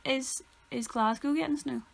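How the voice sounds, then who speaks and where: Gravelly-voiced young woman co-host. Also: high voice, moderate pace. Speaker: podcast co-host. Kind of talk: casual chat.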